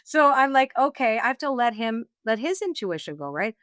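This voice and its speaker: A woman being interviewed, telling a personal story in a lively, laughing way and acting out what she and others said. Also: a little high, normal speed, dry recording, studio quality. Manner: animated, laughing storyteller, acts out her own quotes. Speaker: guest, oracle deck author.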